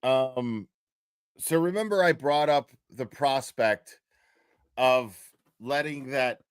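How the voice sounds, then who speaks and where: On a dry recording, a male livestream host speaks slowly in a clean, mid-range voice. His casual commentary wanders through a profane story, with false starts and bursts of laughter.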